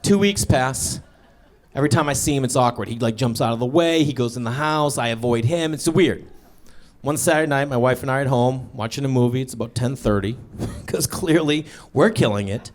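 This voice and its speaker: A man in his thirties doing stand-up storytelling on stage, acting out dialogue and shouting his punchlines. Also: mid-range voice, fairly quick. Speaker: stand-up comedian. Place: stage before a live audience.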